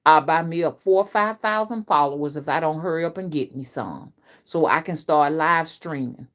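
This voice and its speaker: A middle-aged woman, a spiritual reader, talking to her viewers in a casual, rambling live-stream chat, often repeating herself, her voice rising and dropping sharply. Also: moderate pace. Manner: chatty, repetitive, with big swings in pitch and loudness. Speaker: spiritual reader and channel host.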